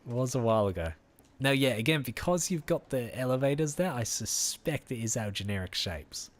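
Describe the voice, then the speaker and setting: Streaming a game, a weary Australian guy chats in a friendly, casual way with his audience. He speaks a little fast in an animated, mid-range voice.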